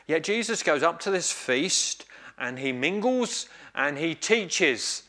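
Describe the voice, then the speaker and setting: A man preaching a sermon, telling a story in a measured, reflective way with pauses. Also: a little high, animated, bright, forceful tone.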